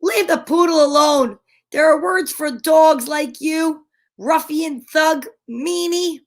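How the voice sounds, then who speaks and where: A woman's voice: high-pitched, slow pace, pitched above the performer's own voice. A woman voicing a spunky talking female dog in a storybook, speaking in a bold, scolding way.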